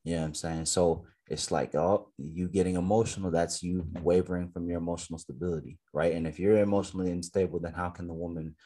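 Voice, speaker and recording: A man's voice: sits low, fast, hardly any pauses. A man co-hosting a casual podcast, talking emphatically and asking lots of rhetorical questions. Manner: emphatic, animated storytelling with frequent rhetorical questions. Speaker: podcast co-host.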